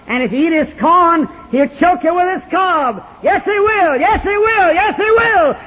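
A man preaching a fiery sermon as pastor, with a husky voice. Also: extremely high pitch. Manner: fiery Southern preaching cadence, rising to shouts. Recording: lo-fi archival church recording with long reverb.

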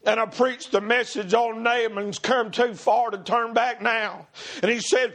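High-pitched, shouting preacher. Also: male voice, fairly even intonation, a little slow. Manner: impassioned, swings between shouting and hushed pleading. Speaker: pastor. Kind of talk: fiery revival sermon. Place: church sanctuary before a congregation.

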